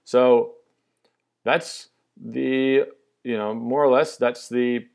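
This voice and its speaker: A man's voice: medium pitch, fairly even intonation, extremely slow, vocal fry, a little mellow, smooth. A young man casually and enthusiastically walking through an app demo, upbeat and loose with fillers. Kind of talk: casual product demo walkthrough.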